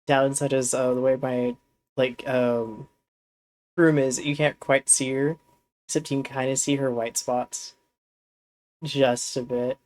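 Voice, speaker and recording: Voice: medium pitch, flat delivery, unhurried, long pauses, a little mellow. A streamer in casual live-stream chat, rambling and talking fondly to a pet cat while playing.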